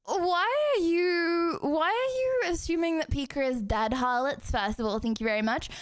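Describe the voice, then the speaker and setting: A woman's voice: sits high, brisk. A young English woman with a southern English accent, streaming and chatting casually, giggly and rambling with lots of fillers. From England. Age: young adult. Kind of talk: casual live-stream chat.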